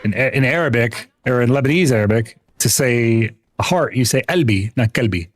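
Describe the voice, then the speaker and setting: A young man with a mid-range voice talks briskly and casually to viewers while livestreaming a game. He rambles, restarts often and laughs easily, and there's slight background noise.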